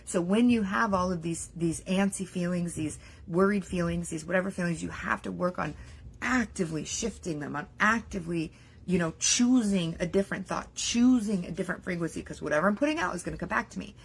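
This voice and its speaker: Young adult woman, husky edge, motivational coach, chatty and animated, lots of "like". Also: lowish voice, fairly quick. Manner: animated, acts out worried inner voices, many "like" fillers. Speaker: business mindset coach. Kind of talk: casual motivational talk to camera.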